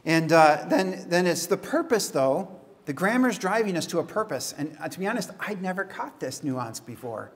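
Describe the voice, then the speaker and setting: A man as pastor, preaching a casual, conversational sermon with chatty asides and quick laughs. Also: high-pitched, very animated.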